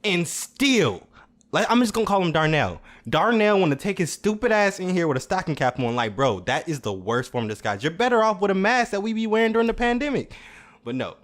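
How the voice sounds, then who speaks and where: A young adult man hosting a show, telling comedic stories in a casual, animated way, swearing freely. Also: sits high, a little fast. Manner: animated, swearing, laughing at his own stories. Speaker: podcast host.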